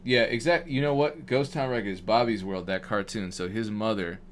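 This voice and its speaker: A deep-voiced man from Wisconsin, talking loosely and jokingly as a producer on a live stream. He rambles and restarts his sentences often, and a faint hiss sits under his voice. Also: normal speed. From Madison, Wisconsin. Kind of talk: casual livestream chat.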